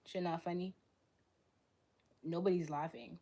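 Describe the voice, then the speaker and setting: A young woman hosting a live stream, arguing bluntly with her chat in rapid-fire retorts. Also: on the low side, fairly even intonation, creaky, warm tone. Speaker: livestream host.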